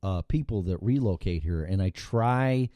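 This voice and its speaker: Chicago-accented man, low and lively. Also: unhurried, no room sound, clean studio sound. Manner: blunt, swears freely, lively storytelling. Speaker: radio show host. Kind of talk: casual chat.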